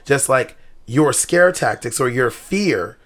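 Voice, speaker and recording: A man's voice: mid-range voice, lively intonation, takes it slowly, fairly bright tone. A man co-hosting a casual podcast, thinking aloud with many restarts and fillers. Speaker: podcast co-host. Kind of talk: casual chat.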